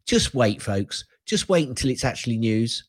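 A man's voice: mid-range voice, very animated, moderate pace, dry recording. An older man co-hosting a casual tech podcast, wry and given to ranting, laughing often as he talks. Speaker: podcast co-host.

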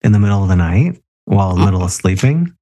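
A man's voice: low voice, big pitch swings, fast, mellow. A tipsy man co-hosting a casual podcast over a remote call, swearing freely and laughing often. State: a little tipsy. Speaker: podcast co-host. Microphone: remote call recording.

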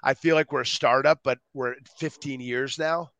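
A man on a podcast as a guest, talking with energy and acting out quotes in lively voices. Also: mid-range voice, moderate pace, dry recording, muffled recording. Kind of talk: animated interview talk.

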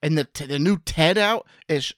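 Laid back guy on a podcast, slow easy talk, dry mic. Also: on the high side, dry recording. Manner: relaxed, drawn-out, frequent mm-hmms. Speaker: podcast co-host. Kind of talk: casual chat.

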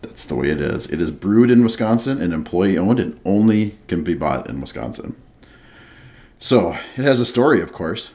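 A man's voice: low voice, lively intonation, normal speed, mellow. A man co-hosting a podcast in casual chat, joking and reading a label aloud. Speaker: podcast co-host.

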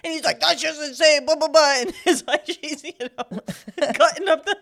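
A woman's voice: high voice, normal speed, gravelly, fairly bright tone. A woman co-hosting a casual chat about odd news stories, laughing often and swearing casually. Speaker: co-host.

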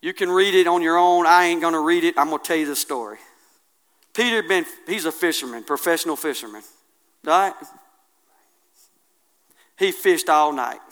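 A man preaching a sermon, colloquial and impassioned, swinging from hushed asides to loud declarations. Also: a little high, moderate pace, long pauses.

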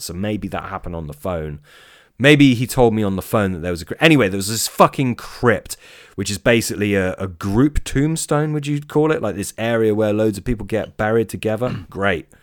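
A man's voice: lowish voice, animated, no echo, clean studio sound. A man telling a spooky fishing story in casual talk, swearing often and stumbling over restarts. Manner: swearing, halting with many restarts. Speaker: storyteller guest. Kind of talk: casual spoken ghost story.

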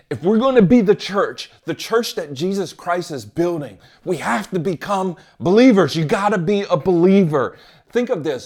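A man preaching a sermon as pastor, pressing his point with rhetorical questions and swinging between ringing emphasis and hushed, low lines. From United States. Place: church gathering.

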